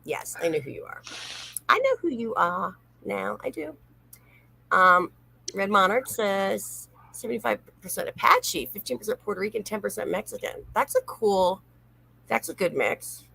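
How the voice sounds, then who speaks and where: A woman's voice: medium pitch, sing-song, normal speed, gravelly, sharp tone, husky, poor audio. A woman hosting a casual late-night livestream, reading viewer comments aloud and chatting, laughing easily. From North Carolina, USA. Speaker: livestream host.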